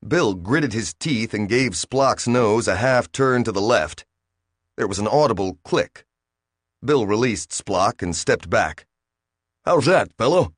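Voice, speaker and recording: A man narrating an audiobook in even, measured storytelling. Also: lowish voice, no room sound, clean studio sound. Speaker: audiobook reader. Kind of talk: scripted narration.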